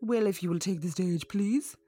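A woman's voice: fairly low pitch, moderate pace, mellow, slightly rough, soft background music. A woman hosting a comedic mystery podcast, playful and teasing. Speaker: podcast host.

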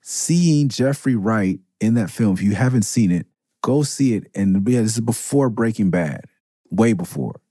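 Podcast host, male, deep and dry-miked, loose profane anecdote style. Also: lively intonation, measured pace, dark tone, husky, no room sound. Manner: loose, profane, rambling with asides. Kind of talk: casual storytelling.

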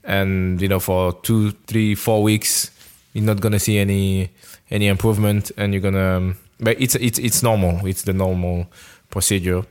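A man's voice: deep voice, flat delivery, normal speed, few pauses, darkish tone, clean tone. A man from France, answering interview questions in a hesitant, word-searching way. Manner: hesitant, searching for words with many restarts. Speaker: interview guest, former footballer. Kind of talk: casual conversational interview.

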